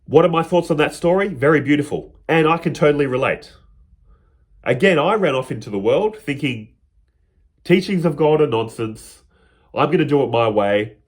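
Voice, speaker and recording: Husky man telling a parable. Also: on the high side, expressive, normal speed. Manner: retells a parable, slipping into its characters' quoted lines. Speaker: spiritual teacher. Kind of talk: reflective spoken teaching.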